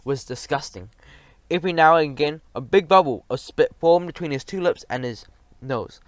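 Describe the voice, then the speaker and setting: A man narrating a children's story in an expressive, animated way, with small slips. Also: fairly high pitch, no room sound. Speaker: audiobook reader.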